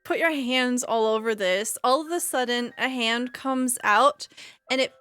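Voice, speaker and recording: A woman running a tabletop roleplaying game as game master, narrating scenes in a calm, descriptive way. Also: fairly high pitch, unhurried, clear, resonant tone, no room sound, studio quality, faint music behind.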